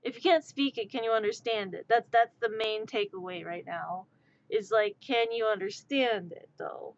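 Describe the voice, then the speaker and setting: A woman chatting casually on a live stream, rambling and scattering "like" through her sentences. Her voice sits on the higher side, and the lo-fi audio sounds dull and muffled. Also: moderate pace, a little hiss or hum. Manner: rambling, heavy use of "like".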